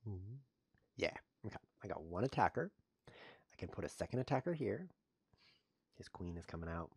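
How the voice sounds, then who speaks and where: A man's voice: low-pitched, a little fast, gravelly, breathy edge, no echo, studio quality. A man commentating live while he plays chess online, joking dryly at his own expense and yelping when he blunders. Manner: self-mocking deadpan jokes with sudden yelps over blunders.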